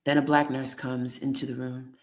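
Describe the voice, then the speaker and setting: A steady audiobook reader reading a first-person memoir. The voice stays flat and even, with very little rise or fall. Each line is measured and deliberate. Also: mid-range voice.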